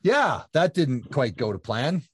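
A man in his fifties telling his story in a casual interview, animated, with many fillers and restarts. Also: mid-range voice, measured pace, slightly rough, no room sound. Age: 50s. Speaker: guest, ultra-endurance triathlete.

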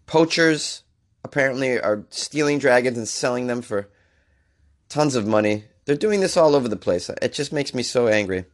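A male comedian hosts a news podcast and is feeling under the weather. He reads each story and then breaks into exasperated rants. His voice is of middle pitch. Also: animated, normal speed. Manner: exasperated, ranting. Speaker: podcast host.

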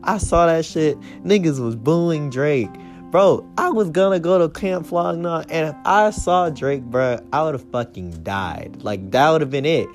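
A man hosts a casual solo podcast rant, swearing freely. He paces a small closed room, and his voice leaps higher whenever he gets worked up. Faint music plays underneath. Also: expressive, a little slow. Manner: profane, heated ranting with big pitch jumps. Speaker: podcast host.

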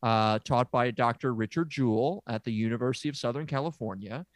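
A man's voice: mid-range voice, brisk, no echo. Hesitant man playing a mock therapist. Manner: hesitant, full of uh and um, self-deprecating. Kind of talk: improvised comedy. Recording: dry close studio sound.

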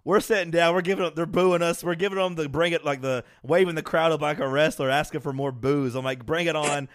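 A podcast co-host with a fairly high voice tells a rowdy story quickly in casual chat, acting out the quotes and laughing along the way. His delivery is lively and loose, and the recording is dry.

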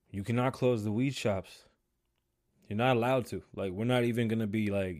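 A man hosting his own podcast livestream, ranting casually and profanely, with sudden loud outbursts. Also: medium pitch, expressive, a little slow. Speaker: podcast host.

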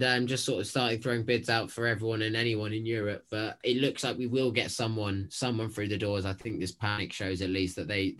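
A man's voice: on the low side, a bit bright. A man, a regular on a football podcast, talking loosely with repeated words and hedges. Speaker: podcast regular, transfer pundit. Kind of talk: casual football podcast chat.

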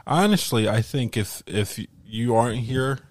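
A man's voice: mid-range voice, animated, a little slow, no echo, clean studio sound. A man co-hosting a podcast in casual chat, loose and laughing, swearing often. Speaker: podcast co-host.

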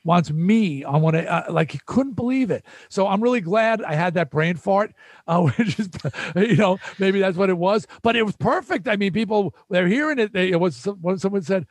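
A man's voice: sits high, moderate pace, dry recording. An older man from New York, telling stories in a casual chat and acting out quoted voices. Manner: animated, acts out quotes in voices. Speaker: musician guest. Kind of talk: casual storytelling.

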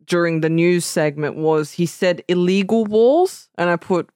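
A woman's voice: on the low side, unhurried, darkish tone, no echo, clean studio sound. A woman co-hosting a podcast, chatting casually with wry, laughing asides. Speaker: podcast co-host. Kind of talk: casual chat reviewing a film.

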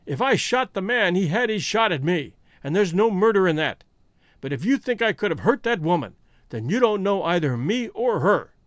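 Man voicing desperate outlaw, loud, fierce, bitter, high and wide-ranging. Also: sing-song, normal speed, no echo, studio quality. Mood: grieving defiant.

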